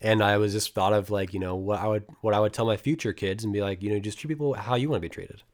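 A young American man tells a travel story in a casual, rambling way. His voice sits fairly low. He swears freely, restarts sentences often and acts out what people said. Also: fast. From United States. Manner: rambling, profane, animated retelling with many restarts.

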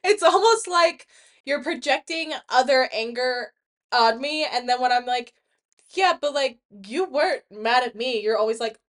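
A woman's voice: high-pitched, animated, measured pace, fairly bright tone. A young woman co-hosting a podcast in casual chat, giggly and joking, chiming in with quips. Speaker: podcast co-host.

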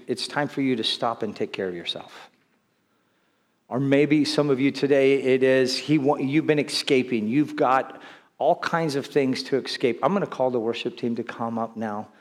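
A male pastor preaches in a mid-pitched voice, conversational and earnest, often restarting his sentences and stepping aside for quick remarks. His voice carries a long reverb from a church hall. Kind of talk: sermon. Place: church sanctuary.

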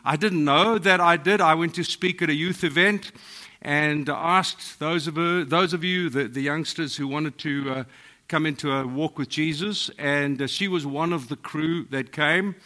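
Older South African preacher, bright voice. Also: male voice, fairly high pitch, unhurried. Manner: humorous, self-deprecating, lively storytelling. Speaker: guest preacher. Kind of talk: sermon. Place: church hall.

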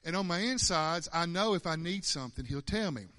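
Fairly quick and expressive, a church speaker in his 50s delivers a folksy, conversational testimony, repeating words, stammering, and chuckling frequently. His voice is a little high, bright, and forceful.

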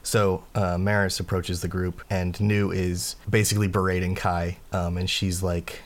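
Brief: game master man, deep voice, casual rambling narration. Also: moderate pace, few pauses. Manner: relaxed, rambling with fillers.

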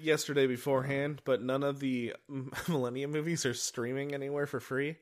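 A man's voice: medium pitch, steady tone, a little fast. A man co-hosting a casual chat, animatedly recapping a movie plot and laughing often. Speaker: podcast co-host.

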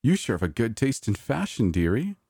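A theatrical old diva from a creepy storybook, exaggerated and cooing, with a voice pushed well above a natural low register, as a male narrator puts her on. Every line is gushing and overdone, though the setting is dry. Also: very animated, a little fast, darkish tone, breathy edge, no echo. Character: aged theatrical female diva ghost, gushing.

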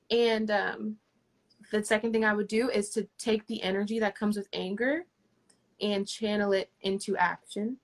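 A woman's voice: mid-range voice, fairly bright tone. A woman answering as a guest in a livestream interview, earnest and encouraging, with restarts.

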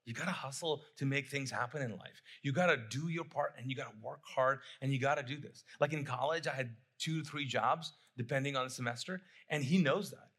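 A middle-aged pastor preaches a sermon in a medium-pitched, fairly bright, slightly rough voice, talking fairly quickly with hardly any pauses. His style is conversational, repeating phrases and putting questions to the congregation.

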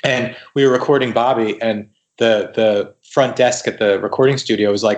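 A guest writer on a casual podcast interview tells stories in an animated way, packing in quoted dialogue and frequently restarting his sentences. His voice is medium-pitched, and he speaks at a moderate pace with hardly any pauses.

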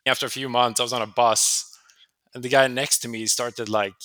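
A man's voice: medium pitch, fairly quick, no room sound. A man from Sweden, an interview guest telling stories in a conversational way and acting out the voices of people he quotes. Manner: animated, acts out quoted voices. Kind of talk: conversational storytelling.

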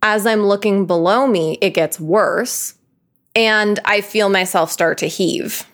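A young woman co-hosting a podcast, telling a story in a casual, animated way, laughing often and saying "like" a lot. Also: mid-range voice, slow pace. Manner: animated, laughing, full of filler "like".

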